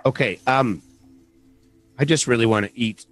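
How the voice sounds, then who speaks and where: A man's voice: mid-range voice, normal speed, faint music behind. Quizzical, argumentative male player. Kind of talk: casual game chat.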